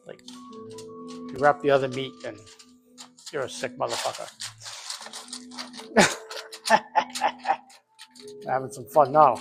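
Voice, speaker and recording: A man's voice: medium pitch, gravelly. An older man hosting a casual home cooking vlog from his kitchen, talking off the cuff with plenty of profanity and jokes. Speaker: home cook, vlog host.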